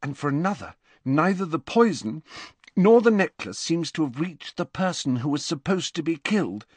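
A man's voice: a little high, very animated, moderate pace, breathy edge, no echo, voice pushed up. Hermione, stuffy-voiced clever girl by a man. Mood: quiet, reasoning. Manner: quiet, brooding, stuffy. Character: clever teenage girl with a head cold.

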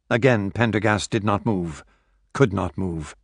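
Male audiobook narrator, low voice, measured thriller reading, dry studio sound. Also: vocal fry, no echo. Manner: steady, measured storytelling.

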